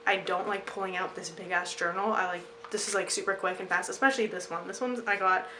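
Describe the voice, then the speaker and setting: Bright, chatty young woman. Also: medium pitch, steady tone, fairly quick, slight background noise, rough recording. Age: young adult. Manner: chatty and self-mocking, laughing at herself. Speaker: vlogger. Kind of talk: casual chat to camera.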